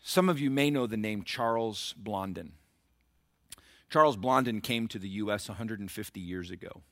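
A man's voice: lowish voice, fairly bright tone, dry recording, clean studio sound. Emphatic male pastor preaching. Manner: preaching with rising, emphatic surges and asides to the congregation. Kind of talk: sermon.

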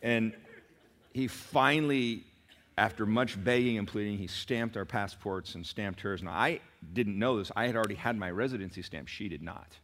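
A man's voice: lowish voice, moderate pace, a bit bright. A middle-aged male pastor preaching a sermon in a conversational way, with asides to the congregation and rising emphatic peaks.

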